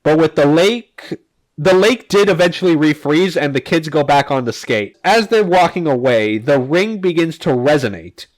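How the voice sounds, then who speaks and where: A man's voice: on the high side, animated, normal speed. A man hosting a casual podcast, recapping comics in a rambling, filler-heavy way with the odd swear. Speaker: podcast host.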